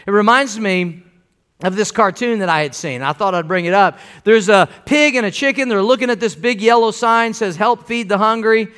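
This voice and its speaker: A man's voice: sits high, animated, fairly quick, fairly bright tone, smooth. A man preaching a sermon to his church in a folksy, emphatic way, repeating phrases for stress. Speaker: pastor. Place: church sanctuary.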